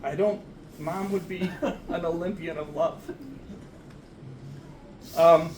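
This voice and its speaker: A man's voice: a little high, fairly even intonation, slow, a little mellow, roomy sound, far from the mic, a little hiss or hum, low-quality recording. A man, the son of the deceased, speaking at a memorial service in a church, rambling and self-deprecating. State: getting emotional. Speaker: son giving a eulogy. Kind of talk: memorial speech. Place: church sanctuary.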